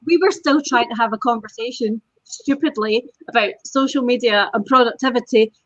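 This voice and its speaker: A woman's voice: fairly high pitch, fairly quick, no echo, highs cut off. A woman with a Scottish accent co-hosting a casual online chat, friendly and self-deprecating. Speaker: co-host.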